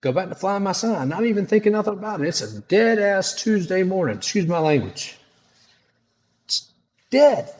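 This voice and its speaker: A middle-aged man tells his testimony in loose, slangy everyday talk. His voice sits a little high and swings widely up and down as he dramatizes each moment. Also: normal speed. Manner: animated, dramatic, casual slangy speech. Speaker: storyteller sharing a testimony. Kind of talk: personal testimony storytelling.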